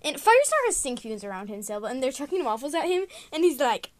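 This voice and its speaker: A woman's voice: high voice, big pitch swings, fast, hardly any pauses, no echo. A woman telling a silly story in casual chat, giggly and talkative, adding apologetic asides. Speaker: co-host describing a drawing.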